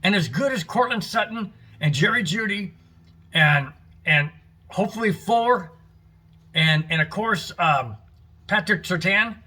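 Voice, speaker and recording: A man's voice: sits high, pushed and bright, slightly rough. A middle-aged man hosting a fan show, delivering an angry, frustrated, emphatic sports rant. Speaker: fan podcast host.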